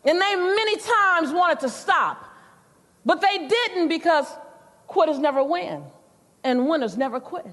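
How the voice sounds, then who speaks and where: A woman voicing a firm but tender older grandmother, speaking slowly and emphatically. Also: very high voice, lively intonation, fairly bright tone, pitched above the performer's own voice, exaggerated voice. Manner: calls the listener "baby" and "honey", slow and emphatic. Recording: long reverb of a large hall.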